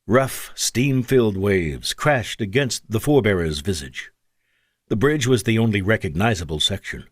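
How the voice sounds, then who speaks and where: A man's voice: expressive, normal speed, no echo, clean studio sound. A man narrating an audiobook, shifting his delivery for the characters' lines. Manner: shifts pitch and pace for character dialogue. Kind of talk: scripted narration.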